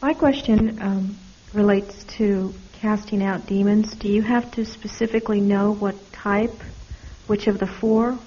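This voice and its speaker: A woman's voice: mid-range voice, fairly even intonation, a little slow, warm tone, muffled recording, slight background noise. A woman in the audience asking a hesitant question.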